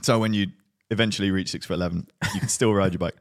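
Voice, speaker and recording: A man's voice: low voice, steady tone, quick pace, no room sound, studio quality. A man co-hosting a cycling podcast in casual chat, joking and giggling. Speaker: podcast co-host.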